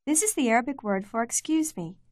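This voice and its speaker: A woman giving clear, measured scripted narration for a language course. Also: on the high side, animated, a little mellow, no echo, clean studio sound. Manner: clear, measured teaching delivery.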